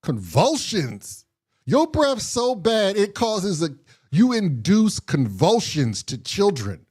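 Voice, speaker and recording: A man's voice: sits high, huge pitch swings, takes it slowly, darkish tone, slightly rough, no room sound, clean studio sound. A man co-hosting a podcast, chiming in with jokes in casual chat. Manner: joking interjections, riffing on the story. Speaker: podcast co-host.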